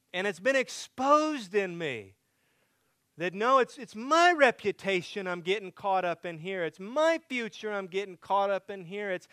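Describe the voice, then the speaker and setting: A man preaching a sermon as pastor, moving between emphatic loud passages and hushed quiet ones. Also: high voice, clean tone, no room sound.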